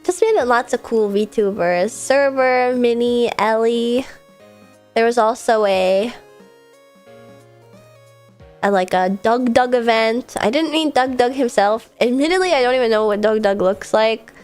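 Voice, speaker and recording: A young woman VTuber streams casually, rambling about her day and reading chat messages aloud to answer them as they arrive. Her voice is fairly high, darkish, clear, and resonant at a normal speed, with soft background music.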